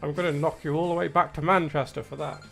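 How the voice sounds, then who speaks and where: A man voicing a fussy elderly English gentleman in tweed, with a put-on posh English accent and a pompous manner. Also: fairly high pitch, fairly even intonation, fast, gravelly, faint music behind, pitched above the performer's own voice. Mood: huffy. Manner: pompous and squawking.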